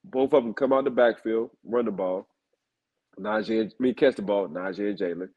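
A man's voice: on the low side, normal speed, breathy edge, highs cut off. A man co-hosting a football talk show, telling stories and repeating names for emphasis in casual chat. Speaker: football analyst co-host.

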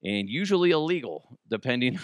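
Lively jokey male podcast host. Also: mid-range voice, moderate pace, no echo, clean studio sound. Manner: rambling, jokey, riffing into silly voices. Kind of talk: casual solo podcast chat. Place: home basement.

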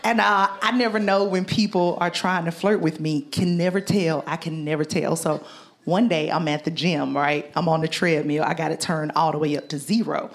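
A woman with a twang doing a stand-up comedy set in a club, animated and loud on her punchlines. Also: low voice, moderate pace, gravelly. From Southern United States. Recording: live club with loud crowd noise. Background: audience laughter and chatter.

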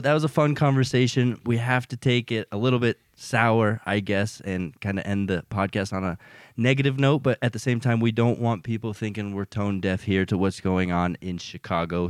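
A man's voice: lowish voice, moderate pace, clear, resonant tone, no echo, studio quality. A man co-hosting a casual sports podcast, easygoing and upbeat, steering the talk along. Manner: easygoing, upbeat, wraps up segments. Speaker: podcast co-host.

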